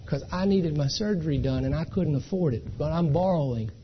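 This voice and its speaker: A man's voice: on the high side, fairly quick, muffled recording, a little hiss or hum, close to an everyday voice. A man doing a little old Cajun lady. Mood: hushed. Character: sweet little old Cajun woman, hushing.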